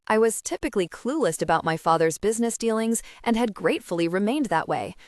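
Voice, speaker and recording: A woman narrating a first-person audiobook in an expressive, measured way. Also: mid-range voice, dry recording, clean studio sound.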